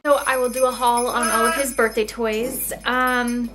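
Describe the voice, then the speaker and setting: A woman's voice: fairly high pitch, little pitch movement, normal speed, over loud music. A young woman talking casually to her camera at home about her baby, chatty, with many "um"s. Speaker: mother and vlogger. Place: home, playing with her toddler.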